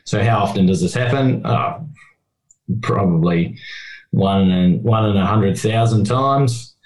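A man's voice: on the low side, unhurried, darkish tone. A man speaking as a rules expert on a podcast, explaining in a hesitant way with many fillers. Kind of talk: casual chat. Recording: echoey room.

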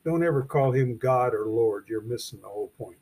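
A man teaching verse by verse through a scripture chapter, reading each verse slowly and then commenting with emphatic rhetorical questions. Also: mid-range voice, darkish tone, slightly rough. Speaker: Bible teacher.

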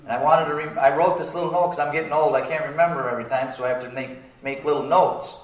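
A pastor preaches a sermon in a plain, colloquial way, asking the congregation for amens. His voice sits a little high for a man. He sounds set back from the microphone, with a roomy echo around him. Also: steady tone, fast talker. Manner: call-and-response, asking for amens. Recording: roomy sound, distant from the mic.

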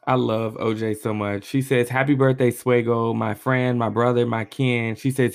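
Young male podcast host, solo casual chat, animated and sincere, mid-range voice. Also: mid-range voice, unhurried, vocal fry, smooth. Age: 20s. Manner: animated, reads messages aloud with feeling.

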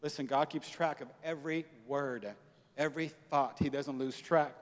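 Brief: man preaching a sermon, slangy storyteller, a bit high-pitched, long hall reverb. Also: moderate pace. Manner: animated storytelling, acting out dialogue, casual slang. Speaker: pastor.

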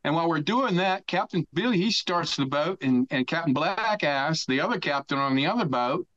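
Profane, animated man telling a story. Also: on the high side, moderate pace, highs cut off. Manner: animated, profane storyteller who acts out shouted quotes. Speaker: podcast guest. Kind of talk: casual storytelling interview.

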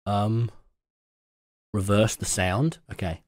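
A young man livestreaming from his room, chatting casually in an excitable, swearing, rambling way. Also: on the low side, slow pace, slight background noise. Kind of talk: casual chat.

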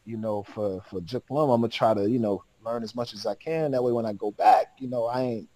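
Slangy animated man telling a story. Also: mid-range voice, fairly quick, dry recording, rough recording. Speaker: podcast guest. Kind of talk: casual storytelling.

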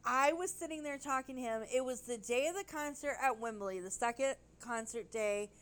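A woman telling a rambling, animated story in casual chat. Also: high-pitched, moderate pace, rough recording.

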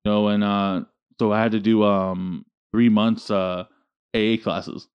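A man's voice: on the low side, little pitch movement, unhurried, smooth, muffled recording. A man telling a story in casual chat, profane and slangy, full of dude and bro.

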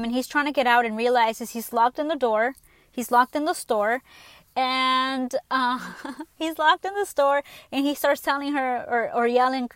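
High-voiced woman ranting bluntly. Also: no echo. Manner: blunt, profane, animated storytelling. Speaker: podcast host. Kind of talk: casual ranting monologue.

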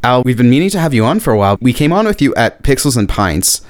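A man hosting a podcast, reading a scripted intro and asking interview questions in a clear, announcer-like way. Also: medium pitch, very animated, fast talker. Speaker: podcast host.

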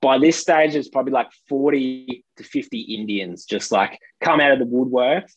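A man's voice: medium pitch, normal speed, no room sound, highs cut off. A young Australian man telling a rambling anecdote in casual chat, full of fillers. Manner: rambling, filler-heavy, laughs between lines. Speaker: storyteller.

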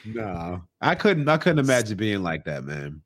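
A man's voice: on the low side, big pitch swings, moderate pace, a bit bright. A man co-hosting a podcast in casual chat, joking and arguing his point with frequent laughs. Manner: joking, argumentative, laughs a lot. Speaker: podcast co-host.

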